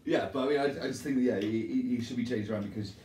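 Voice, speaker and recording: A man's voice: mid-range voice, rapid-fire, warm tone. A man co-hosting a podcast, earnestly explaining his views in casual chat, with small restarts. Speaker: podcast co-host. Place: gym. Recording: echoey gym, distant mic, faint noise.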